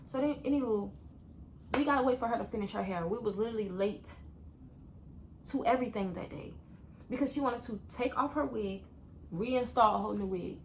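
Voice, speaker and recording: A young woman tells a story to her viewers in a chatty, animated way and keeps calling them y'all. Her voice sits somewhat high for a woman. Faint background noise runs underneath. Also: brisk, long pauses. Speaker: vlogger. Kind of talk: story time vlog.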